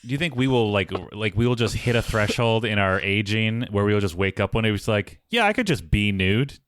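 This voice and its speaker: A man's voice: fairly low pitch, fairly even intonation, brisk, smooth, no room sound, studio quality. A man from Minnesota co-hosting a podcast in casual chat, jokey and rambling, laughing often. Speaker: podcast co-host.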